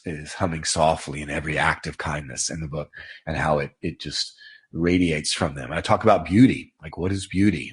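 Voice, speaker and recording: A man guest on a podcast, talking in a heartfelt, halting way, sniffling near tears and joking at himself. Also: a bass voice, breathy edge. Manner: heartfelt, halting, self-deprecating. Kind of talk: reflective conversational interview.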